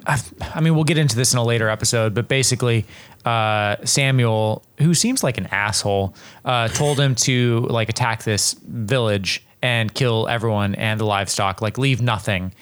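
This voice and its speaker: A man's voice: mid-range voice, normal speed, a bit bright. A man co-hosting a podcast who chimes in with dry corrections and wisecracks. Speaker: podcast co-host. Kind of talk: casual podcast chat.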